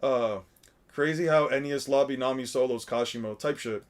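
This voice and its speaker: A man giving casual, excitable commentary while reacting to an anime, laughing and swearing as he talks. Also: medium pitch, normal speed.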